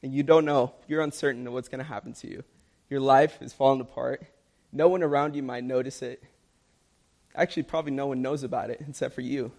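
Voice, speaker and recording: A man's voice: mid-range voice, fairly even intonation, fairly quick, darkish tone. A young man preaching a sermon, earnest and emphatic, repeating key lines for stress.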